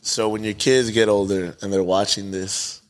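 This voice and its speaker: A man's voice: fairly low pitch, steady tone, normal speed. A man hosting a podcast, asking his guest questions in a laid-back, casual way. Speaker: podcast host. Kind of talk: casual interview.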